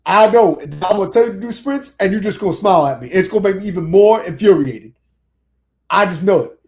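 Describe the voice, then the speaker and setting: A man's voice: high voice, expressive, brisk. A man co-hosting a casual sports chat, barking orders at players in a mock drill-sergeant manner. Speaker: podcast co-host.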